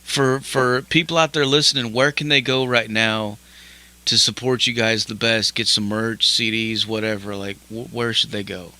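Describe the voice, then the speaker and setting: Brash, bright-voiced male radio host. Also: fairly low pitch, level tone, moderate pace. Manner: laid-back, swears freely, laughs often. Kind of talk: casual radio interview chat.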